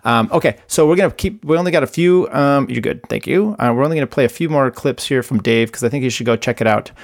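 A man's voice: mid-range voice, fast talker, vocal fry. A man hosting a podcast, talking loosely and rambling between played clips. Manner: rambling, loose, self-interrupting. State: briefly muted on a call. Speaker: podcast host. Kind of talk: casual commentary between clips.

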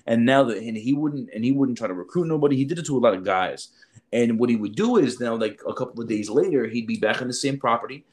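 A man's voice: medium pitch, fast talker. This is a man in easy conversation, full of slang and constant "bro"s. He tells his stories with energy and acts out the people in them. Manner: animated, acts out quotes in changed voices; slangy, says "bro" a lot. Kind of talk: casual storytelling chat.

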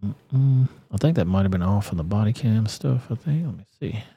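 A man's voice: fairly low pitch, animated, moderate pace, gravelly, warm tone, slightly rough, no echo. A man hosting a casual livestream, reacting to videos and reading chat with crude, blunt, profane talk. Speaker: livestream host.

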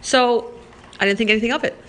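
A woman telling a personal anecdote in a casual, animated way, swearing freely and saying "like" a lot. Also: on the high side, fast talker.

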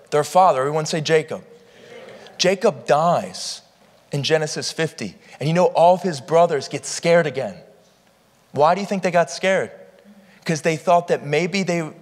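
A man's voice: on the high side, in a large hall. A man preaching a sermon to a live congregation, impassioned and firing questions at the listeners. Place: church hall with live congregation.

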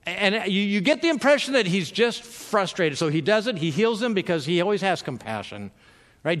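A man's voice: high voice, a bit bright, long reverb tail. A man preaching a sermon in a loose, conversational way, with many fillers and repeated words as he restarts his sentences. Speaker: pastor.

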